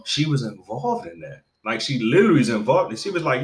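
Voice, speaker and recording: A man's voice: medium pitch, a little fast, creaky, a little hiss or hum. A man casually telling a story in conversation, swearing freely and stumbling over restarts. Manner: animated, profane, stammering restarts. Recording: echoey room.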